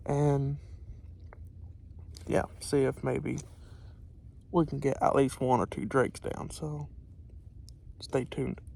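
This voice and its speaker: A man's voice: mid-range voice, fairly even intonation, drawn-out words, gravelly, long pauses, a little mellow. A man vlogging from a duck hunt outdoors by a lake, shivering from the cold and rambling with plenty of fillers. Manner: plain, rambling, with many fillers. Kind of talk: casual outdoor vlog. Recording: outdoor wind and background noise.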